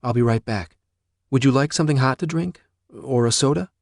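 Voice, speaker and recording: A man voicing a sharp, indignant young woman confronting her father. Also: mid-range voice, brisk, creaky, no room sound, clean studio sound, voice pushed up. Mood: gentle. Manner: indignant, accusing.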